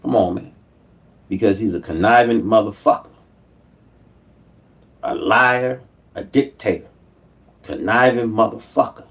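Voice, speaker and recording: A man's voice: on the low side, unhurried, pauses often, a bit bright. Man in a profane, heated rant. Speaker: YouTube commentator. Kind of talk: angry political rant.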